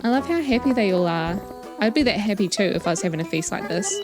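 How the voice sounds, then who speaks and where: A woman's voice: medium pitch, big pitch swings, fast talker. Chatty New Zealand woman playing a game. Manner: chatty, playful asides. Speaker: let's play host. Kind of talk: casual game commentary. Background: game music.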